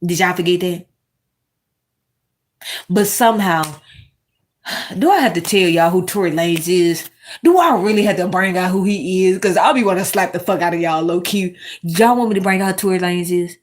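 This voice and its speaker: A woman hosting a casual commentary monologue, animated and swearing, talking straight to her viewers. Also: lowish voice, moderate pace, long pauses. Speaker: commentary host.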